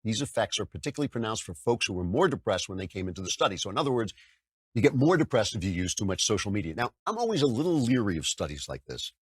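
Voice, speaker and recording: Lively, husky older political talk host. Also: male voice, on the low side, fast talker, no echo. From United States. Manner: conversational, animated, mocking impressions. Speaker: podcast host. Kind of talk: political commentary monologue.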